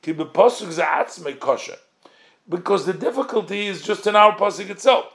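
A man's voice: high voice, expressive, normal speed, creaky, fairly bright tone. A man leads a text study lesson in a slightly raised voice. He reads short Hebrew phrases, translates them line by line, and keeps posing questions about the wording. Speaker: Torah teacher.

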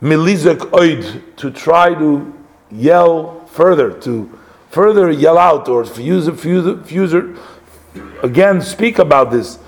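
Man teaching a relaxed Torah class. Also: a little high, takes it slowly. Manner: conversational, translating phrases line by line, many "you know" asides.

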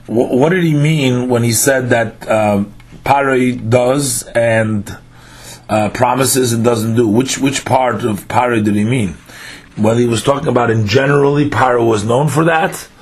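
A man of middle pitch leads a verse-by-verse Torah lesson, reading each phrase in before translating it. He explains in plain English, pausing on fillers and restarting sentences as he thinks. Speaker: Torah teacher.

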